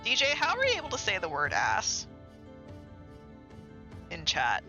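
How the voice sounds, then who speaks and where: Man streaming live, high voice, very animated, game music clearly underneath. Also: unhurried, dull audio. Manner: rambling, chatty, talks to himself and to chat. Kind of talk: casual live gameplay chat.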